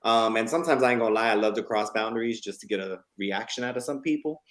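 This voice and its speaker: A man co-hosting a casual talk show, telling a story and reading funny text messages aloud with animated energy. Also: on the low side, quick pace.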